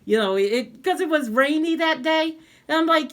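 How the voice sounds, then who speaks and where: A woman vlogger telling a personal story in a casual, animated way, acting out the voices of the people she quotes. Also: sits high, normal speed.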